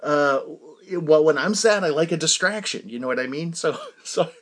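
A man casually telling a personal story to his audience, rambling and halting with frequent restarts and fillers. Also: a little high, a bit bright, slight background noise.

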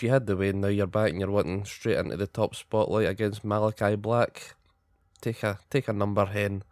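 A man's voice: on the low side, darkish tone, no echo. A young Scottish man in casual, blunt, sweary podcast chat giving his opinions as co-host.

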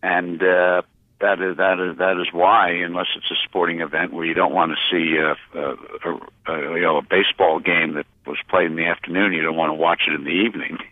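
A man with a very low voice answers interview questions slowly and haltingly, stopping often on filler sounds and restarting his phrases. The sound is thin and phone-like, with no room around it. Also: flat delivery, no echo. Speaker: interview guest, publisher. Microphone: phone line. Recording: tinny phone line, dry.

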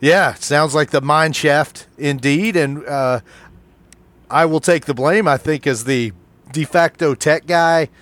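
A man's voice: a little high, measured pace, fairly bright tone, no room sound. An older man co-hosting a podcast in an easygoing, self-deprecating way, recorded remotely. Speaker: podcast co-host. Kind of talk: casual chat. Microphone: remote recording setup.

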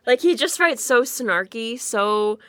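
A woman's voice: fairly high pitch, lively intonation, slow, a bit bright, no echo, studio quality. A woman co-hosting a casual podcast chat, rambling and giggly, swearing as she recaps a book. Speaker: podcast co-host.

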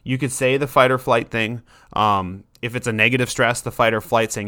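A man's voice: medium pitch, fairly even intonation, a little fast, few pauses, bright, forceful tone, dry recording, studio quality. A man who works with dogs, explaining in a casual, conversational way. He uses everyday examples and frequent asides.

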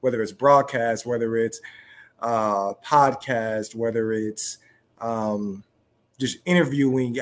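A young man, a professional football player, talking casually as a guest, softly and with many restarts. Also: mid-range voice. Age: young adult. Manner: soft-spoken, halting with many restarts. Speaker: guest, pro football wide receiver. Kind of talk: casual interview talk.

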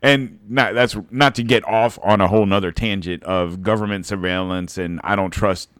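A man's voice: on the low side, steady tone, normal speed, a bit bright, clear, resonant tone, no echo, studio quality. A man on a podcast chatting casually, joking, swearing and rambling, a few beers in and burping. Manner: rambling, joking, profane, laughs often. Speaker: podcast co-host.

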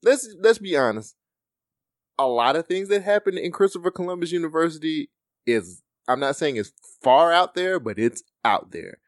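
On a clean, dry studio recording, a man with a voice on the high side co-hosts a podcast. He talks about a movie at a moderate pace in a relaxed, animated way, performing lines from it in quotes.

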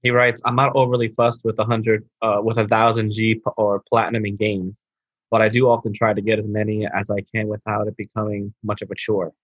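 Husky low-voiced man on a dull mic. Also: completely flat delivery, brisk, dry recording. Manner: laid-back, says bro, slurs over restarts. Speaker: podcast co-host. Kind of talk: casual podcast chat.

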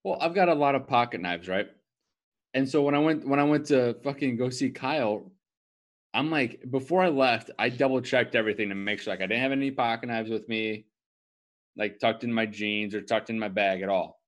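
A man's voice: medium pitch, fairly quick. A man co-hosting a podcast in casual chat, reacting to a story and adding his own anecdote. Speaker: podcast co-host.

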